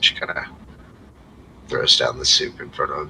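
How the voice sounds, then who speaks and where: A man's voice: extremely low pitch, steady tone, moderate pace, gravelly, pauses often, bright, forceful tone, husky. A man narrating a tabletop game as game master, in a casual and meandering way. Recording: distant mic, faint background noise.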